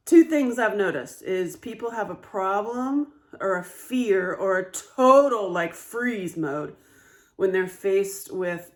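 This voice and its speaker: A woman speaking candidly in a casual monologue as a trauma advocate, animated and swearing freely. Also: medium pitch.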